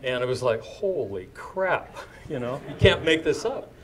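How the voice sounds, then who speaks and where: A man's voice: medium pitch, lively intonation, fairly quick. Older man spinning a rambling live yarn. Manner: chatty and digressive, with restarts, asides to the crowd and chuckles. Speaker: storyteller at a live campfire story event. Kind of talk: live anecdotal storytelling to an audience. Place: indoor event before a live audience.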